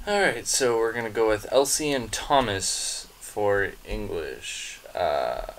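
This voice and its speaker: Brief: young male vlogger, low gravelly voice, hesitant, trips over his words. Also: lively intonation, takes it slowly, few pauses, fairly bright tone, slight background noise. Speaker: vlogger host. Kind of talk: casual vlog chat.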